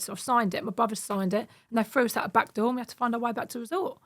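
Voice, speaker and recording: A woman in her thirties, a podcast guest, telling stories in a casual, animated way and acting out the voices in them. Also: a little high, fast talker, hardly any pauses. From United Kingdom. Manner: animated, acts out quoted voices. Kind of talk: casual storytelling.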